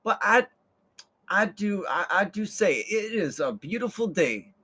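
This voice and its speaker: A man's voice: sits high, very animated, unhurried, bright, forceful tone, slightly rough, pitched above the performer's own voice, exaggerated voice. A man putting on a prim gracious older woman.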